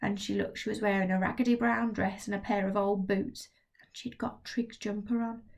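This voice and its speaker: Expressive woman reading a storybook aloud. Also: mid-range voice, normal speed. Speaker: teacher reading a class book aloud. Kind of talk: storybook read-aloud with recap.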